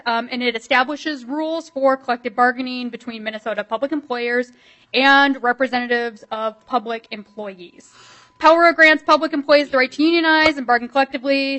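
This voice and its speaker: Midwestern woman lawmaker, brisk and lively, higher-pitched, speaking at a committee hearing. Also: low-quality recording. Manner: quick, animated, filler-heavy delivery. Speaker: state legislator presenting a bill.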